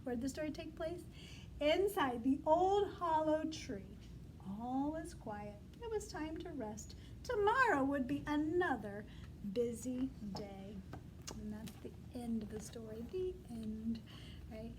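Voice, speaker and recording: A woman teacher reading a storybook aloud to young children, animated and coaxing, asking them to repeat words after her. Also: high-pitched, a little slow, slight background noise.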